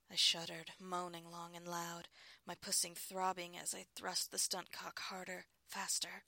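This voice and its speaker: A woman reading a first-person adult story in a soft, breathy, intimate voice. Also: lowish voice, monotone, unhurried, no echo. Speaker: narrator.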